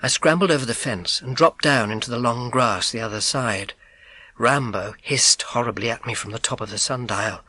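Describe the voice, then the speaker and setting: A man narrating a children's audiobook in first person, with an expressive, suspenseful telling. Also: mid-range voice, moderate pace.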